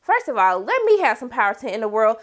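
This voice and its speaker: A young woman casually recapping a TV episode, slangy, profane and animated, acting out the characters' lines as she goes. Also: on the high side, fast talker. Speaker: TV show reviewer.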